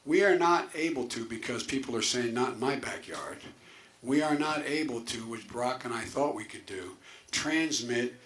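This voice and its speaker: Older man, political candidate, earnest, restarts often, trailing asides, mid-pitched voice. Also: animated, moderate pace, fairly bright tone, slight background noise. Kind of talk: debate answer.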